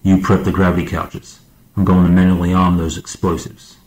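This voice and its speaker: A man's voice: sits low, level tone, moderate pace, darkish tone, natural voice, poor audio. A man voicing a grim, determined ship's captain in an audiobook, giving clipped orders.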